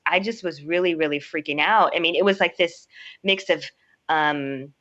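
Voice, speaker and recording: American woman, low voice, effusive and laughing; dull lo-fi video call. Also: normal speed, a bit bright. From United States. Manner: enthusiastic, laughs often, says like a lot. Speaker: poet and guest. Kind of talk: casual online conversation. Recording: dull lo-fi online stream.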